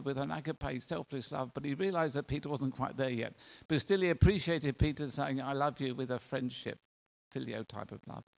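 Gravelly man preaching a sermon. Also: medium pitch. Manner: earnest, conversational preaching with rhetorical questions.

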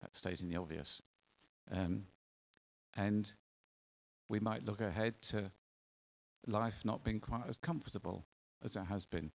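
Male preacher, gravelly voice, earnest conversational sermon. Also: on the low side, unhurried, pauses often.

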